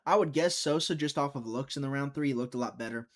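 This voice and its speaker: Young man, live fight stream host, casual chatty commentary, teasing viewers, mid-pitched voice. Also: fast talker. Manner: chatty, teasing, reads viewer chat aloud.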